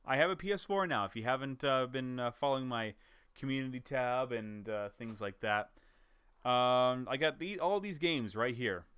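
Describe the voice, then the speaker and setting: A man's voice: mid-range voice, expressive, normal speed, a bit bright, clean tone, dry recording. A man, a gaming YouTuber, chatting casually to camera about his year, rambling with restarts and chuckles.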